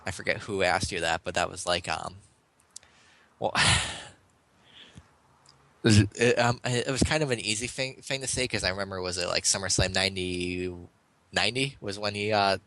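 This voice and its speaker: A man's voice: deep voice, normal speed, sharp tone, dry recording. A young man interviewing over an online voice call, rambling eagerly with lots of ums. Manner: rambling, filler-heavy, eager fan.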